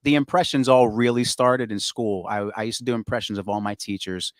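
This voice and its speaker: A man guest on a talk show, chatting in a relaxed way with lots of fillers about doing impressions. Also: fairly low pitch, fairly quick, no room sound, clean studio sound. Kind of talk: casual interview chat.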